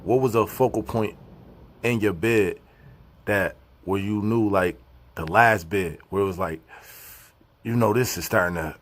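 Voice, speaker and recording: Lower-voiced man asking probing questions. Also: measured pace, long pauses, fairly bright tone. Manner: probing questions, street slang. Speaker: interviewer host. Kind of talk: casual interview.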